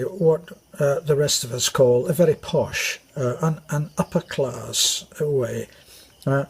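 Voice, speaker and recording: Rambling older British man, slow and husky. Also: medium pitch. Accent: British English. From Britain. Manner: meandering, many fillers and restarts. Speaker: vlogger. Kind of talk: rambling anecdote.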